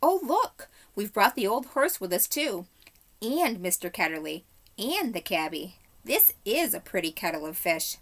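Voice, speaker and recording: A woman voicing a brisk, practical young girl who talks eagerly. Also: mid-range voice, sing-song, fairly bright tone. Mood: excited.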